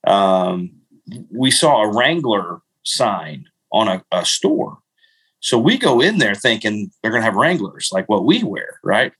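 A man's voice: fairly low pitch, very animated, a little slow, fairly bright tone, breathy edge, low-quality recording. A middle-aged man hosting a podcast, rambling through casual stories and laughing at himself. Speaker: podcast host. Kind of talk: casual storytelling chat.

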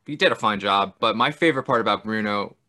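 A man's voice: lowish voice, fast, sharp tone. A man co-hosting a casual film discussion podcast, enthusiastic, laughing often and swearing casually. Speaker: podcast co-host.

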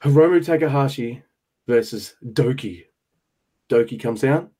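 Male co-host, casual recap, rattles off moves in quick bursts. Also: mid-range voice, warm tone, slightly rough. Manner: quick play-by-play bursts, swears when surprised. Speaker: podcast co-host. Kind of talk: casual match recap chat.

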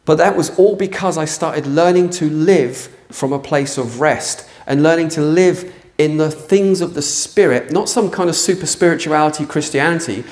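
A man preaching a sermon to a church congregation, passionate and earnest, sometimes rising to near shouting. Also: a little high, moderate pace, few pauses. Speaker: pastor. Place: church hall.

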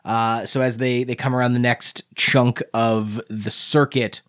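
A man playing a tabletop game, describing his character's actions in a relaxed, rambling way with many fillers. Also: mid-range voice, unhurried, few pauses. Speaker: player.

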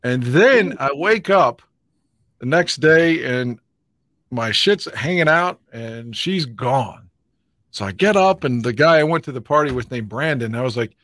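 A man's voice: mid-range voice, expressive, measured pace, a bit bright, no echo. A middle-aged man hosting a podcast, telling blunt, profane, self-mocking stories in casual chat. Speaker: podcast host. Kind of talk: casual storytelling.

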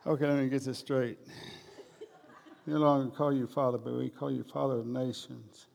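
A man's voice: mid-range voice, level tone, moderate pace, creaky, darkish tone, big-room sound. A man preaching a humorous sermon in a folksy, jokey way. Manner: folksy, jokey, addresses crowd as guys.

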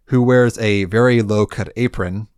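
A man's voice: lowish voice, measured pace, clean tone, no echo. A man co-hosting a podcast in casual chat, steadily walking through the game with dry, wry remarks. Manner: steady, wry, guides the talk and reads quest lines. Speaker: podcast co-host. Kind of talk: casual gaming chat, leading the walkthrough.

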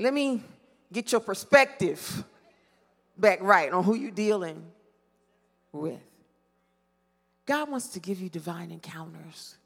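A woman's voice: medium pitch, creaky. Woman preacher in a reverberant hall. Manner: call-and-response questions with dramatic pauses. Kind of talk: sermon. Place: church sanctuary.

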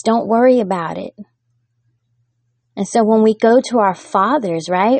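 Gentle heartfelt woman giving a devotional. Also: medium pitch, creaky, dry recording. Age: adult with daughters. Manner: gentle, heartfelt, rising to fervent. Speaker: devotional podcast host. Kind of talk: devotional talk.

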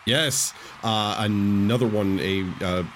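A man's voice: lowish voice, slow, a little hiss or hum. A man co-hosting a live podcast, joking and a little hesitant. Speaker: podcast co-host. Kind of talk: casual chat.

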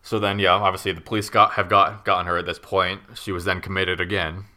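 A man's voice: deep voice, level tone, fairly quick, sharp tone. A man casually recounting a true crime story to a co-host, rambling with many fillers and wry asides.

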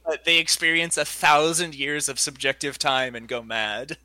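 A man's voice: on the high side, moderate pace, pushed and bright. A man playing a tabletop role-playing game, eager and thinking aloud with fillers. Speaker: player. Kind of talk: tabletop role-play chat.

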